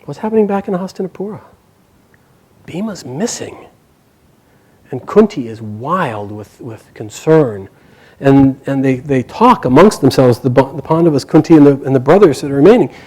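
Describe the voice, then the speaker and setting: A man casually retelling an epic story aloud, animated, with quick bursts and hushed quoted lines. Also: medium pitch, husky, rough recording.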